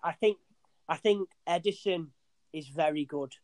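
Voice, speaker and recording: Young man, slightly high voice, dry close sound, rambling, sweary football chat. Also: normal speed, a little mellow, no room sound. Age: young adult. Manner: rambling, sweary, restarts often, says "mate".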